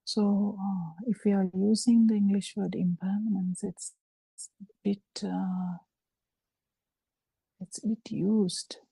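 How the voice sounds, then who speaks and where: A woman giving a slow, halting Buddhist dharma talk over a video call, with frequent fillers. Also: mid-range voice, flat delivery, gravelly, warm tone, slightly rough, no room sound, poor audio. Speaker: Buddhist teacher.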